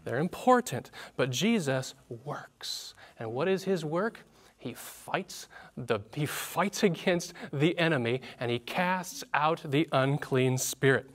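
A man's voice: on the high side, fairly bright tone. A man teaching a Bible lesson on a church panel, reading scripture and explaining it in a conversational way with light humor and questions to the audience.

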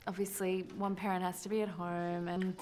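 An actress playing a young mother who awkwardly tells her boss she is quitting, talking haltingly with fillers and apologies. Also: lowish voice, little pitch movement, a little mellow, slight background noise, natural voice. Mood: apologetic.

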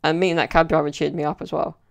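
A man's voice: fairly high pitch, little pitch movement, quick pace, vocal fry. A young man telling stories in a casual solo podcast, rambling and chatty with lots of "like" and "you know". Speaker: podcast host.

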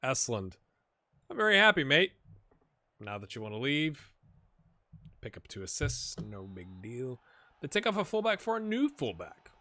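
A man giving casual, rambling commentary over a football management game, with sudden excited outbursts and a slightly rough throat. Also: mid-range voice, normal speed, no room sound. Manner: rambling, excitable bursts over match play. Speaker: gaming commentator. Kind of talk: casual let's-play commentary.

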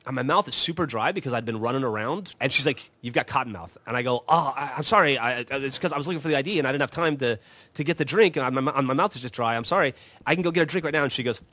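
A man's voice: medium pitch, rapid-fire, dry recording. A man telling funny stories in casual chat, swearing and acting out what people said. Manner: animated, swearing, acts out quoted lines. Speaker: podcast host telling stories. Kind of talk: casual storytelling.

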